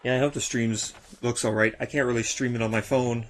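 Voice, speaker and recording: A man's voice: mid-range voice, steady tone, a little fast. A man casually commenting on a game as he streams it, chatty and self-deprecating. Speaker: gaming streamer. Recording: game music behind voice.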